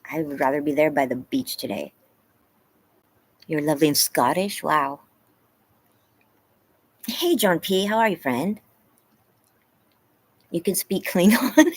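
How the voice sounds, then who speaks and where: A woman's voice: fairly low pitch, breathy edge, rough recording. A woman hosting a casual live stream, chatting with viewers and reading the chat aloud, laughing often. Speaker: livestream host. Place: home, yard.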